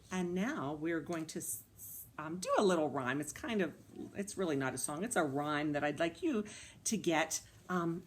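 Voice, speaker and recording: A woman librarian telling a story to young children, animated and coaxing them with questions. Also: on the low side.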